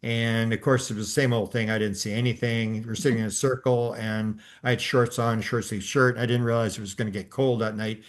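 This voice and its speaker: Older male podcast host, mid-range pitch, loose storyteller who rambles and restarts often. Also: level tone, brisk, hardly any pauses. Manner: rambling, many restarts and fillers. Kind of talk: casual storytelling chat.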